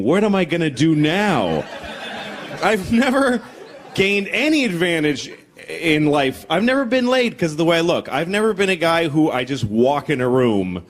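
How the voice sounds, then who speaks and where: A man in his forties doing a stand-up routine, deadpan and self-deprecating, acting out other voices. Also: high voice, normal speed. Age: 40s. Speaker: stand-up comedian. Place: stage before a laughing audience.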